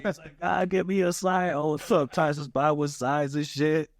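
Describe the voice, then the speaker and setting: A man co-hosting a podcast in casual chat, blunt and profane, cracking quick jokes. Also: fairly high pitch, level tone. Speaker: podcast co-host.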